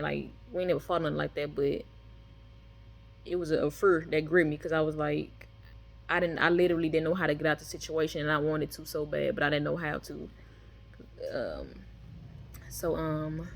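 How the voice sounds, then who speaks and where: Low-voiced woman telling her testimony. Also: a little hiss or hum. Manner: loose conversational delivery with many fillers and restarts. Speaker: person giving a testimony. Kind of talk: personal testimony, casual storytelling.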